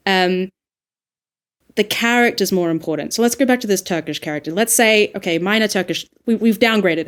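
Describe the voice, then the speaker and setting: A woman with an Australian accent, an audiobook narrator talking through her craft in a casual, animated podcast discussion. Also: medium pitch. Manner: animated, reflective, frequent laughs and fillers.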